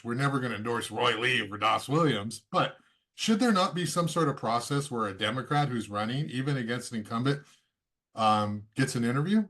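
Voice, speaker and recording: A man's voice: medium pitch, a bit bright. An American man hosting an interview, asking probing questions in a conversational way. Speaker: podcast host.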